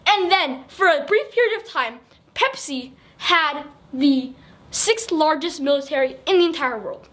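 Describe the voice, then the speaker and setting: A woman's voice: high-pitched, animated, takes it slowly, fairly bright tone. A young woman casually explaining a history story over pictures, rambling, correcting herself and giggling as she goes.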